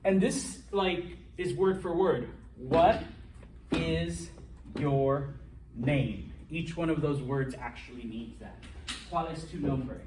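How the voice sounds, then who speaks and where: A somewhat high-voiced man lecturing a class with lively energy, constantly pausing to check his students are following. He is picked up from across an echoey classroom, with faint room noise behind him. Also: far from the mic. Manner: animated, keeps checking in with the class. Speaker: Spanish teacher.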